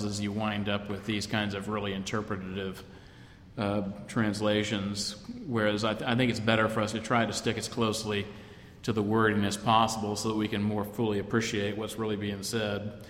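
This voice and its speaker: A man's voice: lowish voice, flat delivery, slight background noise. Man teaching Bible class in echoey hall. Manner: thoughtful, halting, with frequent restarts. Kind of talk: informal Bible class lecture. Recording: echoey room with long reverb.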